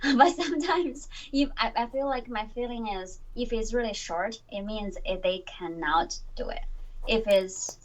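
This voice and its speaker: A woman's voice: a little high, unhurried, recorded from a distance, poor audio. A woman learning English pronunciation who asks questions and carefully repeats the phrases her teacher gives her. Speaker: language student. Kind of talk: online lesson, repeating after teacher.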